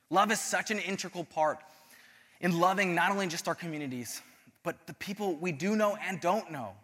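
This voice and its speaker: A young male youth pastor preaches with a bright, forceful voice, pitched high. He tells personal stories in an animated, self-deprecating way. The sound carries a long reverb from a large hall. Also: moderate pace. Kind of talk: sermon.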